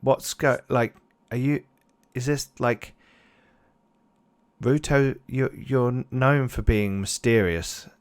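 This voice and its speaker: A man's voice: mid-range voice, slow pace, clear, resonant tone, voice pushed up. A man voicing a flustered, indignant male doctor who stammers defensively, in a tabletop game. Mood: worried.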